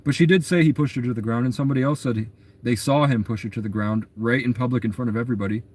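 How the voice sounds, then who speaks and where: A man's voice: medium pitch, racing, a little mellow. A young adult man telling a long story in a rambling, agitated way, in a casual monologue.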